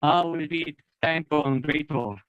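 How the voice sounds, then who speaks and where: A man from the Apache nation emcees a dance for a festival crowd. He speaks in a somewhat high voice, friendly and instructive, and coaxes the audience into call-and-response. The sound is close and dry. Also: moderate pace, a bit bright, no room sound, highs cut off. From Apache nation, North America. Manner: friendly, teaching, gives the audience phrases to repeat. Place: outdoor festival stage.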